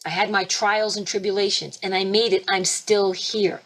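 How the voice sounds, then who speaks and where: A woman spiritual teacher hosting a webinar, talking emphatically and fervently, with sudden leaps in pitch and loudness. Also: little pitch movement, normal speed. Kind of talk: impassioned preaching webinar talk. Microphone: computer mic for a webinar.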